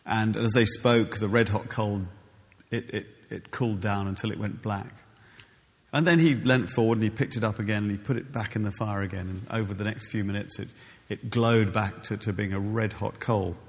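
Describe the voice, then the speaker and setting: A man's voice: lowish voice, steady tone, normal speed, big-room sound. A man preaching a sermon in a church, conversational with many ums and restarts.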